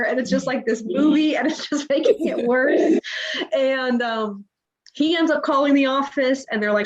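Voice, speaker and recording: A woman's voice: high-pitched, normal speed. A woman in her thirties recounting a personal story in a casual interview, acting out the dialogue with animation. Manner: animated retelling, acts out quoted dialogue. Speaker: podcast guest. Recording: dull lo-fi audio.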